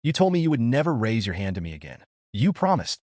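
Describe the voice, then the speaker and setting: A man's voice: mid-range voice, very animated, fast, darkish tone, dry recording, studio quality, lightly acted. A man voicing a frightened young woman who pleads through held-back tears. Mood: desperate pleading. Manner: pleading, tearful. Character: frightened desperate young woman holding a gun.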